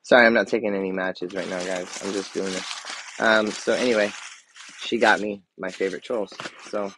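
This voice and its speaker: A man in his thirties on a casual live stream, gushing and excitable, full of fillers and restarts, now and then dropping to a soft murmur. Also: lowish voice, moderate pace, background noise.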